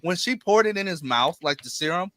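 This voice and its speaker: Animated high-voiced man reviewing movies. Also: brisk. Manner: rambling and animated, restarts with "anywho". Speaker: live stream host and movie reviewer. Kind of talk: casual movie review chat.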